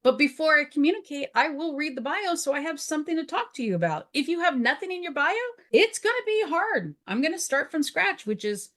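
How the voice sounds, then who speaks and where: A woman co-hosts a casual podcast, candid and quick to laugh. Her voice sits a little high and moves a lot in pitch. She acts out snippets of conversation as she tells her stories. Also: very animated, a bit bright. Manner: frank, laughs often, acts out dialogue. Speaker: podcast co-host.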